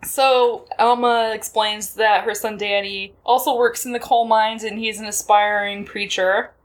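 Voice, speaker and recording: A woman co-hosting a podcast, recapping a film in casual chat and acting out lines in quick voices. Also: medium pitch, fairly even intonation. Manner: chatty, laughs often, acts out quotes in voices.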